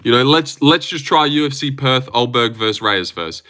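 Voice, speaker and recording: A man's voice: mid-range voice, lively intonation, normal speed, bright, forceful tone. A young man hosting a casual livestream, teasing his chat with self-mocking banter. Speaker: livestream host.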